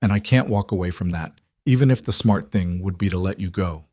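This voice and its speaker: A man voicing a huge, gentle cowboy who is frightened for the woman he loves, speaking roughly and from the heart, in a storybook reading. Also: sits low, fairly quick, dry recording, studio quality. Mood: heartfelt.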